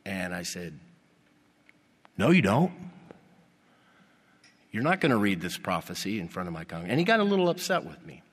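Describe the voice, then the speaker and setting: A male pastor preaching a sermon, animated and putting rhetorical questions to his congregation. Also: sits low, racing, few pauses. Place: church. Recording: long reverb of a church hall.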